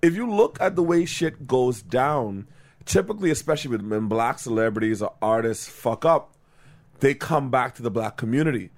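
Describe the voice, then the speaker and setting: A man co-hosting a podcast in casual chat, an animated storyteller who laughs often and acts out quotes. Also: medium pitch, normal speed. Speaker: podcast co-host.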